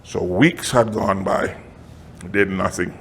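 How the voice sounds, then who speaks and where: A middle-aged man pastor preaching a storytelling sermon with big leaps in pitch and chuckles as he talks. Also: slow, creaky, a little hiss or hum. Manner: animated preaching with sudden high pitch swings; chuckles while telling stories.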